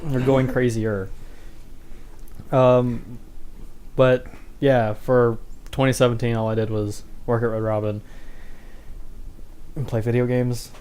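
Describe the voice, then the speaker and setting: A man's voice: medium pitch, flat delivery, slow, pauses often, dark tone, clear, resonant tone. A man co-hosting a casual podcast chat, laid-back and self-deprecating, often laughing. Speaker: podcast co-host. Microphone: headphones on, at a desk mic.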